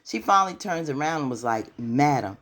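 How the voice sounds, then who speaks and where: A woman talks through a TV episode like she is gossiping with a friend, slangy and loose, peppered with "you know." Her storytelling stays lively, and she keeps sliding into little voices for the characters. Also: rumbling low, normal speed. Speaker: TV recap vlogger. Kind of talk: casual episode recap.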